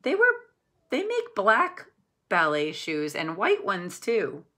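A calm, patient father, voiced by a woman reading a picture book. He speaks gently and slowly, in a reassuring way. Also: mid-range voice, pitched above the performer's own voice, exaggerated voice.

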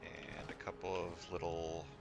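A man's voice: low-pitched, level tone, measured pace, creaky, over loud music. A man hosting a let's play, making sarcastic jokes as he comments on the game. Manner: sarcastic, joking. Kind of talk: casual gameplay commentary.

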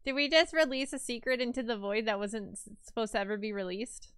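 A woman streamer chatting casually with her live chat while drawing, playful and quick to laugh and react out loud. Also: a little high, fairly even intonation, clean tone, no echo.

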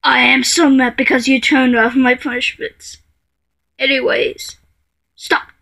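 A woman voicing a quick-tempered female computer error that scolds the user, threatening and stammering as she goes. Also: high-pitched. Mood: angry scolding.

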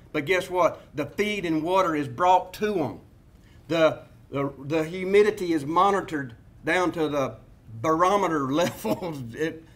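Folksy Southern man lecturing, slightly high voice. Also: a bit bright. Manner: jokey, rambling asides, repeats himself, many fillers. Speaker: veterinarian giving a seminar lecture.

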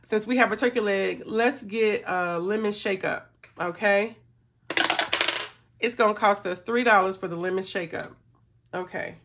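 A woman's voice: mid-range voice, unhurried, long pauses, slight background noise. A middle-aged woman, chatting casually to viewers as she works through a savings challenge. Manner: chatty, excitable, talks to viewers as y'all. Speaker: budgeting vlogger.

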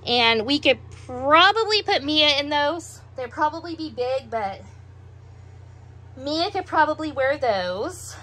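A middle-aged woman with heavy breathing after a meal, chatting in an unhurried, musing way as she shows off a clothing haul at home. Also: high-pitched, expressive, bright, forceful tone. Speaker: doll collector showing a clothing haul. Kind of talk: casual show-and-tell vlog.

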